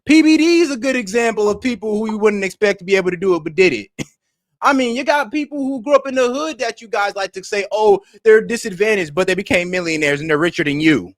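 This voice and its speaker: A man's voice: high voice, expressive, fast talker, no room sound, studio quality. A man giving casual reaction commentary, brash and mocking, swearing and laughing as he talks back at a video. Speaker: reaction streamer.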